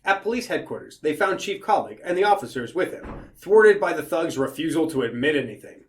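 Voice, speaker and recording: A podcast host recaps a book's plot with animated energy, jumping in to act out the characters. His pitch swings widely and sits fairly high for a man. The tone stays casual and joking. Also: brisk, slight background noise. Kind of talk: casual comedic book discussion.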